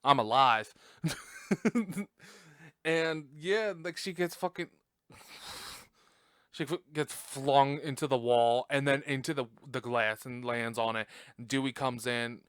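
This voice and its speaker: A young man hosts a casual podcast and retells a movie's plot in a loose, profane, laughing way. His voice is smooth and clear, and it sounds close and dry, with no room echo. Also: mid-range voice, slow pace, long pauses, a bit bright. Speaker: podcast host.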